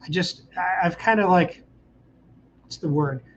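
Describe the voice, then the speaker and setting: A man's voice: high voice, measured pace, dull audio, a little hiss or hum. Upbeat rambling man hosting a live stream. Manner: rambling, upbeat, reads out viewer comments. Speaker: channel host. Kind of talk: casual livestream chat.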